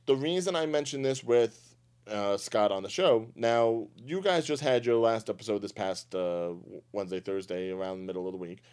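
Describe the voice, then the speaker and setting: Low-voiced joking podcast host, a man. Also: a little mellow, smooth. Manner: joking, rambling, chuckles often. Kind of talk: casual podcast chat.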